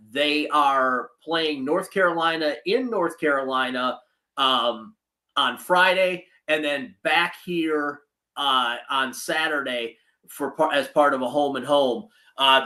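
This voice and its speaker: Rambling man, bright voice. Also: on the high side. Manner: rambling, self-correcting, folksy. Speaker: podcast co-host. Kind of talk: casual chat.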